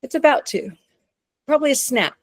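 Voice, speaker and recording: A woman's voice: high-pitched, expressive, a little fast, dry recording. A woman giving an informal webinar presentation on dog behavior in a chatty, easygoing way, with frequent fillers and light laughs.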